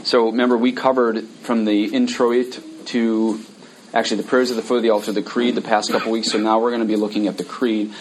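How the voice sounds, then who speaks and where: A man's voice: lowish voice, little pitch movement, fairly quick, slight background noise, low-quality recording. A man, a priest, teaching a casual class on the mass, explaining step by step and reciting prayers before commenting on them.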